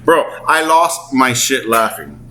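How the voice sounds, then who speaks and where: A man in his forties giving excitable, slangy gaming commentary at home, swearing and acting out character voices. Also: mid-range voice, a little slow, slight background noise, rough recording. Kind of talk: casual commentary. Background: clothes dryer running.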